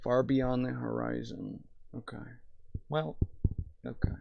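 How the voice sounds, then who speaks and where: Gravelly young man rambling on stream. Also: mid-range voice, moderate pace, darkish tone, dry recording. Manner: profane, rambling, reads chat aloud. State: tipsy. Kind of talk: rambling live-stream chat.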